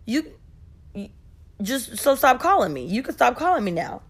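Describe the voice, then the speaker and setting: A woman voicing a calm, smug country cowboy who talks in a cool, unbothered way. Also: extremely high pitch, moderate pace, husky, voice pushed up, exaggerated voice. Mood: dismissive.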